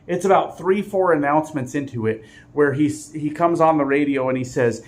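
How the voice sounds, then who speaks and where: A man's voice: on the high side, normal speed. Middle-aged man telling a road story. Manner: animated storytelling, chuckles, talks to viewers. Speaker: truck driver vlogger. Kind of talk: casual storytelling vlog.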